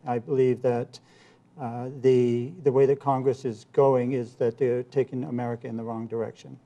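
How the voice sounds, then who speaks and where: A man's voice: medium pitch, little pitch movement, moderate pace, warm tone, highs cut off. A man running for office, answering interview questions earnestly with campaign points and some restarts. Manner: earnest, repeats himself, campaign talking points. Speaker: congressional candidate, guest.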